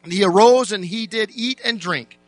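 A man preaching a sermon as a pastor, telling the story dramatically, dropping to slow, quiet words and then jumping up to loud, shouted bursts. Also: high-pitched, no room sound.

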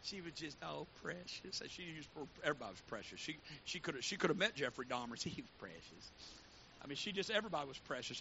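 High sharp-voiced preacher man going from hushed to yelling, dull recording w/ faint hiss. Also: big pitch swings, quick pace. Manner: fervent, swinging from hushed to shouting. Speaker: pastor. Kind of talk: sermon.

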